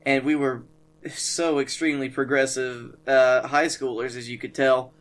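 A man, co-hosting a podcast and telling stories in a dry, deadpan way. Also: mid-range voice, moderate pace. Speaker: podcast co-host. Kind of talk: casual comedic storytelling.

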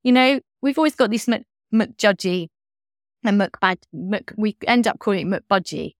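A woman coach speaking as a podcast guest in a gentle, soothing, reassuring way. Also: medium pitch, unhurried, no echo, clean studio sound. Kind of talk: interview talk.

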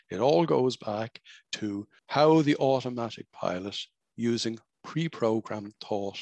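A man gives a self-help podcast monologue, driving his points home with emphatic repetition. His voice rises and falls widely and carries a gravelly rasp. The sound is close and dry, with no room echo. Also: mid-range voice. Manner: emphatic, repetitive, preacherly teaching. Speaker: podcast host.

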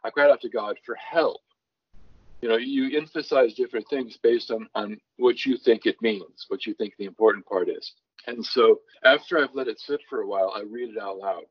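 A low-pitched man with a husky, somewhat breathy voice briskly explains how he builds a song from a psalm. This songwriter guest is thoughtful, doubling back and restarting as he works out his point, and reads scripture with varied emphasis. The audio is dull and lo-fi.

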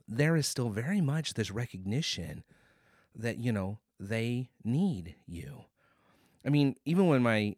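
A man's voice: medium pitch, dry recording. Male podcast host teaching a bible passage, voice swings up and down a lot, dry close sound. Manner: animated, acts out quoted lines, checks in with "okay?".

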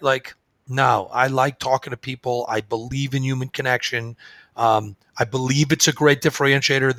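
A man speaking as a guest in a conversational interview, telling stories with lively acted-out dialogue. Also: medium pitch, no echo. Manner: animated storyteller, acts out quoted dialogue. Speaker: guest, phone service business owner.

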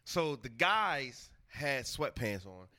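A man's voice: mid-range voice, slow. A man co-hosting a casual podcast chat, telling a story with lots of laughs and acted-out quotes. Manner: animated, laughing storyteller who acts out quotes. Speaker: podcast host.

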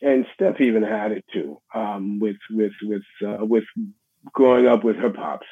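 A middle-aged man with a New York accent, a musician being interviewed, speaking in a halting, reflective way with many restarts. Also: on the low side. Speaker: guest musician. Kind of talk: casual interview conversation. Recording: husky voice over a tinny phone line.

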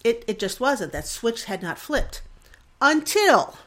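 A woman's voice: medium pitch, expressive, normal speed. An emotional woman in her forties hosts a podcast in a casual, reflective monologue. She speaks earnestly and circles back on her thoughts, often restarting her sentences. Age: 40s. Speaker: podcast host.

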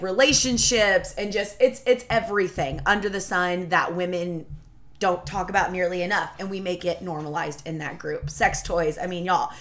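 A woman, hosting a casual solo podcast, chatty and profane. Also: mid-range voice. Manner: chatty, profane, animated, Southern-tinged "y'all". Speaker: podcast host.

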